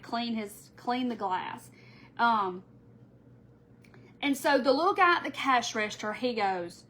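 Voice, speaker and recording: A woman's voice: a little high, slight background noise. A middle-aged woman, rambling through a story to viewers while working on a live craft tutorial. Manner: rambling, animated, addresses viewers as y'all.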